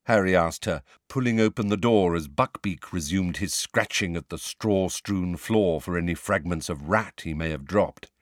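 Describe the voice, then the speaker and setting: A man's voice: low-pitched, normal speed, hardly any pauses, no echo, studio quality. A man narrating a story aloud as an audiobook reader, reading with expression.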